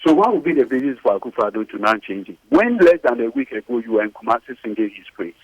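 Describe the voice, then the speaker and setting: A man with a Ghanaian accent giving emphatic radio talk as a lawyer guest, repeating his points with sharp rises. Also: mid-range voice, big pitch swings, quick pace, breathy edge, dull audio. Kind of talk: animated radio talk mixing English and Twi. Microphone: studio mic.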